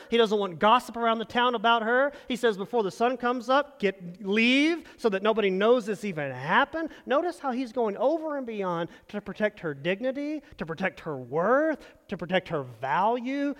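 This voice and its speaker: A man preaching a sermon as pastor, animated, leading the congregation in call-and-response. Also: very high voice. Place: church sanctuary. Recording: long hall reverb.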